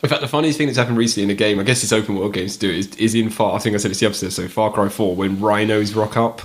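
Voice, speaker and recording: A man's voice: fairly low pitch, very fast. Giggly man telling game stories. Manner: giggly, laughs through his own anecdotes. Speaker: podcast co-host. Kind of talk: casual chat about video games.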